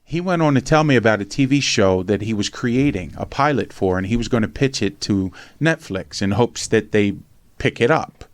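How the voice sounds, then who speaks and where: A man telling a lively personal story in casual conversation, acting out other people's lines and swearing casually. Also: on the low side, normal speed, no room sound. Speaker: podcast host and memoir author.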